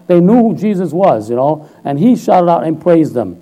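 Speaking to a congregation, this man gives a relaxed, conversational sermon in a very dark, mellow voice, checking in often with "all right?" and swelling louder and higher on exhortations and quoted voices. His delivery is animated and a little fast with hardly any pauses, and the audio is poor.

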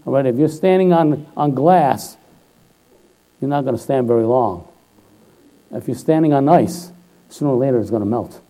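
A man preaching a casual, conversational sermon to a congregation. His tone is very dark and mellow. He keeps checking in with his listeners and swells louder and higher when he urges them on. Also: normal speed, pauses often, low-quality recording. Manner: informal, chatty preaching with frequent "all right?"; rises loud and high on quoted voices and exhortations.

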